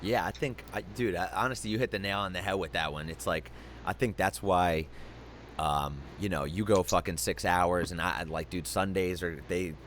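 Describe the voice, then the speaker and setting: Deep-voiced hesitant man host. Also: steady tone, normal speed, a bit bright, a little hiss or hum. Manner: hesitant, many ums and restarts, swears. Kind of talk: casual interview chat.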